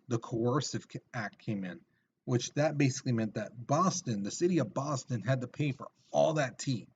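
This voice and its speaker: A man's voice: mid-range voice, a little mellow, highs cut off, a little hiss or hum. A male teacher giving a recorded video lesson in a casual, chatty way with lots of fillers.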